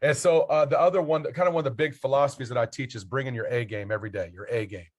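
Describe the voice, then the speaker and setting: Man, coach and mentor, podcast guest, earnest, motivational, steady everyday pitch. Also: quick pace. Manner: earnest, motivational, spells out acronyms.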